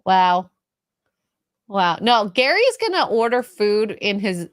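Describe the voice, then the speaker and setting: A woman co-hosting a casual podcast chat, jokey and animated, often slipping into quick mock voices. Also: mid-range voice, no echo, studio quality. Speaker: co-host.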